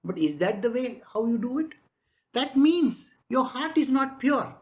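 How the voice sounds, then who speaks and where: A woman's voice: fairly high pitch, expressive, measured pace, a little mellow. A woman spiritual teacher giving a conversational spiritual discourse, chatting along with frequent rhetorical questions.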